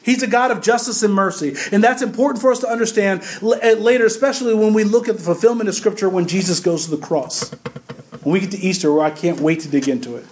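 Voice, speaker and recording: A pastor preaching a sermon in an emphatic, conversational way, repeating words and asking the congregation questions. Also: male voice, sits high, fast, reverberant. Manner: addresses the congregation directly with questions.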